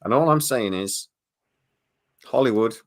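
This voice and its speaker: A man's voice: medium pitch, animated, unhurried. A tired man co-hosting a podcast, chatting casually and stammering as he rambles. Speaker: podcast co-host. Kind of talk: casual chat.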